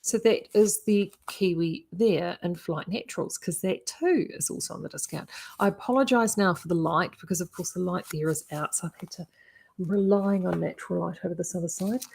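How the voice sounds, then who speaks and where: A woman's voice: on the low side, fairly quick, creaky, darkish tone, slightly rough. A woman, chatting enthusiastically to viewers on a live stream about knitting yarns and color contrast. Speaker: yarn shop owner and video host.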